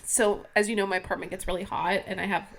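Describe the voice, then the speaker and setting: A young woman with a mid-pitched voice co-hosts a casual podcast chat. She tells stories in a chatty way and acts out her own quoted lines as she goes. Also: little pitch movement, quick pace, a bit bright, slight background noise. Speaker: podcast co-host.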